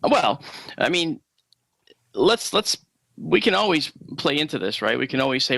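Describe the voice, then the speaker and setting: A man's voice: a little high, very animated, normal speed, creaky, long pauses, pushed and bright, no room sound. A man, an astronomer guest, explaining in casual chat, with many fillers and easy laughs.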